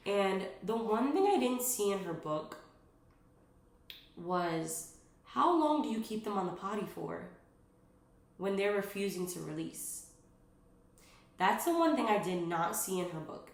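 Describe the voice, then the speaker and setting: Chatty young mom in an echoey room. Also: female voice, medium pitch, very animated, a little slow, creaky, long pauses. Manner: rambling, frequent "like" and "um", earnest. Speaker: mother sharing parenting advice. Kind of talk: casual chatty vlog. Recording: roomy echo.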